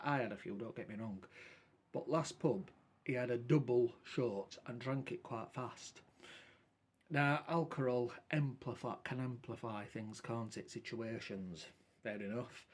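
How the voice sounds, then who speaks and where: A man's voice: mid-range voice, darkish tone. A man telling a long rambling story in casual talk, quoting what he and others said. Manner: rambling, colloquial, repeats quoted dialogue with "I says". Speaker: vlogger.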